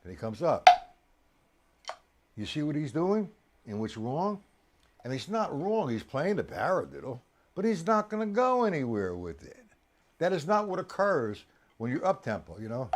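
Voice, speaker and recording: A man teaching drums on a live stream, chatty and coaxing, counting beats aloud with loud accents on the downbeats. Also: fairly high pitch, sing-song, moderate pace, pauses often, heavy background noise. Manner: chatty, coaxing, addresses viewers directly. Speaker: drum teacher. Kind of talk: live-streamed drum lesson.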